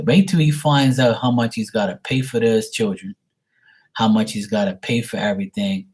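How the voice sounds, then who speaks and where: A man's voice: lowish voice, breathy edge. A man talking casually and bluntly, swearing freely and repeating himself as he vents about a family matter. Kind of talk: casual venting monologue.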